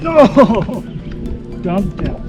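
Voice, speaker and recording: Over music, a man speaks in a high, sing-song voice at an extremely slow pace. He's an angler filming a fishing video from a kayak on an outdoor lake, giddily exclaiming and laughing with every catch in excited fishing chatter.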